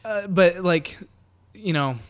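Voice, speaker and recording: Rambling young man, smooth voice. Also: sits high, slow. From Southern United States. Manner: rambling, hesitant, full of fillers and restarts. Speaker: podcast co-host. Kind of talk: casual chat.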